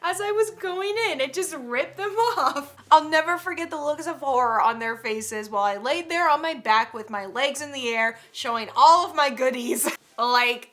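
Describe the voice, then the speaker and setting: A woman's voice: high voice, normal speed, few pauses, a bit bright. A woman hosting her channel, reading tweets aloud and reacting with frequent laughter and exaggerated outbursts. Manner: giggly, laughs often between lines. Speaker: YouTube host.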